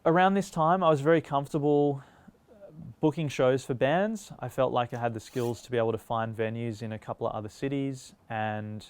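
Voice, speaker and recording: Aussie guy telling label stories, clear smooth voice, dry sound, does the voices in his anecdotes. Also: medium pitch, fairly quick, dry recording. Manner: animated anecdote-telling, acting out quoted dialogue. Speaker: record label founder. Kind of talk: documentary interview storytelling.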